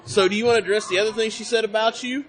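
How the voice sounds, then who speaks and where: A man's voice: sits high, fairly even intonation, racing, a bit bright. A man hosting a casual podcast interview at a convention, who hypes up his guest and plugs his show. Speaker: podcast host. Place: busy convention hall.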